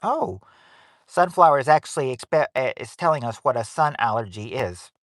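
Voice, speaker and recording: A man's voice: mid-range voice, very animated, moderate pace, a bit bright, dry recording, clean studio sound. A man hosting a livestream game night on his phone in a casual, rambling way, reading out viewers' names and answers.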